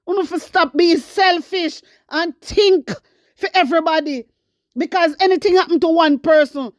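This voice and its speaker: A high-voiced woman with a strong Jamaican accent speaks in a fiery, urgent rant, scolding her listeners and hammering the same demands again and again. Her voice is close and dry, with no room sound around it. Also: no echo. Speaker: online commentator. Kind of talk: impassioned rant to viewers.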